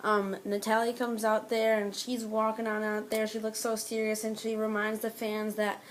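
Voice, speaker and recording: A woman with a somewhat high voice chats through a recap of a wrestling show. She rambles along, filling gaps with "um" and waving off details with "blah, blah." Her tone is casual and unscripted. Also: monotone, moderate pace, slight background noise. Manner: rambling, frequent "um" and "blah, blah" asides. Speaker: wrestling reaction vlogger.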